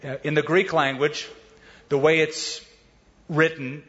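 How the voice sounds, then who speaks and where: A middle-aged male pastor giving a sermon, telling stories in a conversational way and speeding up and slowing down as he goes. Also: a little high, little pitch movement, fairly bright tone. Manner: conversational storytelling, varies pace. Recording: dull sound with long hall reverb.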